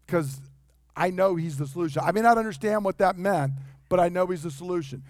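Pastor in his fifties, male, high-pitched, emphatic sermon delivery, dry close sound. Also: brisk, a little mellow, no echo. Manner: acts out quoted voices, emphatic and conversational.

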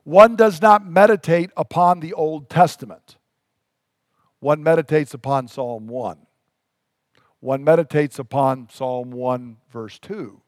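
Man, pastor, earnest emphatic sermon, high voice, dry close sound. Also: slow, no room sound. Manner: earnest, emphatic preaching with rhetorical questions.

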